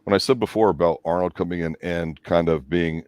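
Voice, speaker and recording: A man with a very deep voice makes his case about a film with emphatic, drawn-out points. The sound is dry and close, with no room echo. It comes across as a casual review chat. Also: fairly even intonation, a little mellow, clean tone. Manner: emphatic, lays out his opinions at length. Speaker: movie review co-host. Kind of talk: casual movie discussion.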